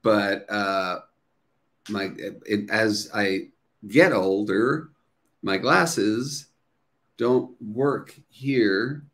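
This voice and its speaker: A man's voice: on the low side, extremely slow, a bit bright. A middle-aged man hosting a casual livestream, chatting upbeat with viewers, greeting them and reading their comments aloud with plenty of fillers. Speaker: livestream host.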